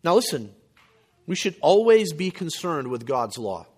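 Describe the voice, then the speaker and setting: Man, pastor, sermon, fairly high voice, emphatic, rhetorical questions, clears throat. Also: sing-song, normal speed, a little mellow.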